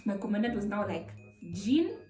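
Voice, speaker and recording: Young woman, zambian english accent, animated storytelling, roomy room, distant mic, faint music. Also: medium pitch, normal speed. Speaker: YouTuber. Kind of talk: storytime vlog.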